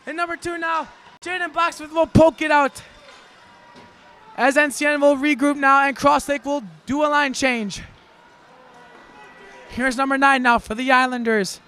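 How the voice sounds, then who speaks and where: A man calling a live hockey game play-by-play, excitable and folksy, shouting during rushes and a bit out of breath. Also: very high-pitched, soft background music. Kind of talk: live sports commentary.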